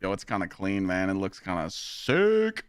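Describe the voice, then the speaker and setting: Profane, animated male gaming streamer. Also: low-pitched, moderate pace, clear, resonant tone, no echo, clean studio sound. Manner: profane, ranting, laughing. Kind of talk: casual live-stream chat.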